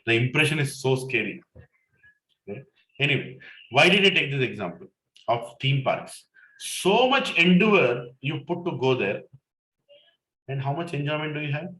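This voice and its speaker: A middle-aged man with an Indian English accent, giving an anecdotal spiritual talk to a satsang group and telling stories in an animated way, mixing in Hindi and Telugu. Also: medium pitch, moderate pace, long pauses, roomy sound, rough recording. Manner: animated storyteller, mixes in Hindi and Telugu, laughs at himself. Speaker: satsang speaker.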